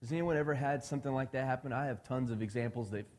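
A man's voice: mid-range voice, fast talker. A man preaches in a casual, conversational way, often turning to the congregation with questions and slipping into voices for the people in his story. His voice sits in a middling range and rings out with the long reverb of a big hall. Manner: conversational, asks the congregation questions, acts out quoted dialogue. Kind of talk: sermon.

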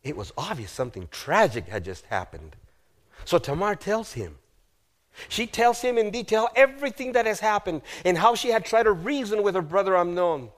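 A male pastor preaching a sermon, retelling a story with drama, asking the audience questions and dropping to a hushed voice at grave moments. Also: high-pitched, big pitch swings, moderate pace. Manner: dramatic, acts out the figures in quoted lines, asks the audience questions.

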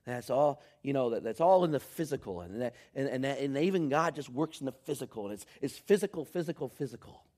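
A man preaching a sermon, swinging between shouted lines and near whispers. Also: medium pitch, expressive, brisk, few pauses. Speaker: pastor.

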